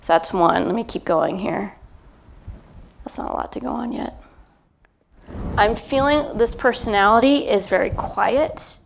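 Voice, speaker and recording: A middle-aged woman, a psychic medium, gives a gentle, hesitant live reading before an audience, pausing often as she feels her way. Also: mid-range voice, gravelly, slight background noise. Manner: gentle, hesitant, feeling her way with many pauses. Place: event talk in front of a live crowd.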